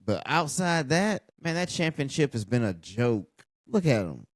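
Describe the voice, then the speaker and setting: A tired man rants through a late-night wrestling show, blunt, profane and mocking. His voice sits at an ordinary pitch and is recorded close and dry, with no room sound. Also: big pitch swings, unhurried, no echo. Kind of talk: casual ranting commentary over a live show.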